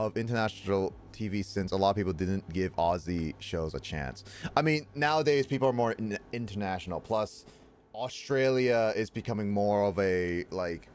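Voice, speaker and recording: A man streaming and chatting casually with viewers, rambling with lots of fillers and restarts. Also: lowish voice.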